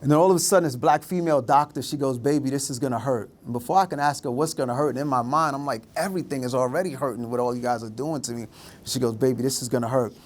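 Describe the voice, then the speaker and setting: Middle-aged guy telling his story on stage, acts out the voices, medium pitch. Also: fast talker. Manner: vivid storyteller acting out voices. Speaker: speaker. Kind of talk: storytelling talk.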